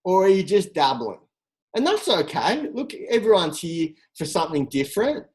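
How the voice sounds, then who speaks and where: Energetic motivational coach. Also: medium pitch, normal speed, low-quality recording. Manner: energetic, direct, full of rhetorical questions. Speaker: team coach. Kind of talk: motivational talk on a group call.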